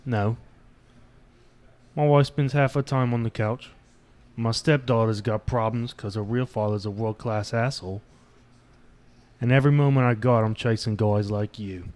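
A man's voice: medium pitch, fairly even intonation, moderate pace, long pauses, darkish tone, lightly acted. Man reading as a weary detective. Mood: dry. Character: dogged male detective, weary and plain-spoken. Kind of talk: casual script read.

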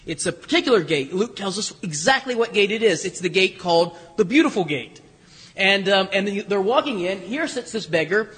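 A high, bright-toned man preaching a sermon, his voice slightly husky. He tells the story in a loose, conversational way with humor and frequent restarts. The sound rings with the long reverb of a church. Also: animated, moderate pace. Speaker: pastor. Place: church sanctuary.

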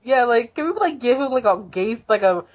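A woman's voice: a little high, expressive, moderate pace, muffled recording. Young woman rambling through a story. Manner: rambling storyteller, laughs often. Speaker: podcast co-host. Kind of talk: casual chat recapping a manga.

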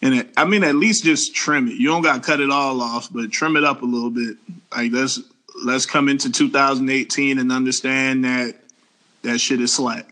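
A man's voice: medium pitch, fairly even intonation, moderate pace, pushed and bright. A man co-hosting a casual group chat, blunt, profane and emphatic. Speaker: podcast co-host.

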